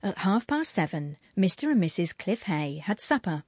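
A woman narrating a novel in a measured, clear storytelling manner. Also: lowish voice, very animated, darkish tone, dry recording, studio quality. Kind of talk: audiobook narration.

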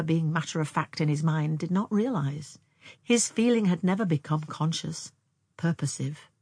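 A woman narrates a novel in a measured, even way. Her voice is husky and fairly low. The sound is dry and close. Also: dry recording. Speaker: audiobook reader.

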